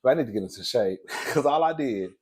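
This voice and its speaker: A man hosting casual gossip commentary, chatty and animated, calling listeners "girl" and "baby.". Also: medium pitch, quick pace. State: out of breath. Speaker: commentary host.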